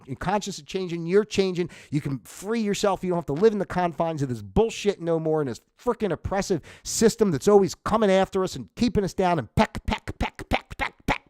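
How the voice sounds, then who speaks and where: A man from New Jersey hosts a livestream, talking in a loose, profane rant and laughing at his own jokes. His voice sits fairly high. The sound is dry and close, with no room echo. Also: darkish tone. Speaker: livestream host. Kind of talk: casual ranting monologue.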